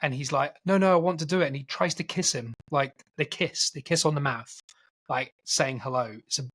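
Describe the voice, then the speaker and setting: Husky man rambling through a film recap. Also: on the high side, moderate pace. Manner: rambling, animated retelling with acted quotes. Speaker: podcast co-host. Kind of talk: casual chat, recapping a film plot.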